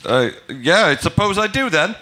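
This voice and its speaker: A man's voice: high voice, big pitch swings, moderate pace, bright, forceful tone, heavily acted. A man voicing a bumbling Cockney henchman who fawns over his boss. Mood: fawning. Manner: fawning, eager to please. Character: bumbling Cockney henchman, male, fawning buffoon.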